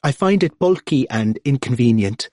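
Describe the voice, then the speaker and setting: A kindly old grandfather, chuckling and gentle, as a narrator puts him on. The audiobook reading is recorded close and dry. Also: mid-range voice, animated, normal speed, dry recording, lightly acted. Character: warm-hearted Irish grandfather, gently chuckling.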